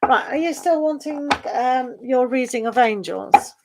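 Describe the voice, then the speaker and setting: A woman's voice: high-pitched, measured pace, heavy background noise. Chatty woman reading tarot. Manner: chatty and rambling, with frequent laughs. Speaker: tarot reader. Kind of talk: casual live-stream chat.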